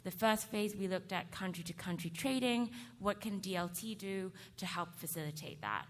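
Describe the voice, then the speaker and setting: A woman's voice: medium pitch, expressive, normal speed. A woman speaking on a conference panel, explaining things with casual fillers. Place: conference hall. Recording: conference hall reverb, faint noise.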